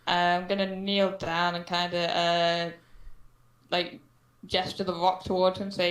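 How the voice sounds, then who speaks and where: A woman's voice: on the low side, little pitch movement, measured pace. A woman playing a tabletop game who talks casually and playfully, coaxing other characters while in role. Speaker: player. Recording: echoey room.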